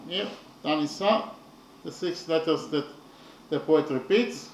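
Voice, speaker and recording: A man teaching a lesson on poetry, speaking haltingly and often checking understanding. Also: fairly high pitch. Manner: halting, repeats points with "okay?". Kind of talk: lecture on poetry. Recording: echoey room, mic at a distance, faint noise.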